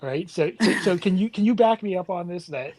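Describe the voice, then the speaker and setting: A man's voice: sits high, expressive, brisk, a little mellow, no echo. A man from Queens with a New York accent calling into a talk show, stammering as he chats. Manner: stammering, friendly. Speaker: caller. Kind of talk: casual chat.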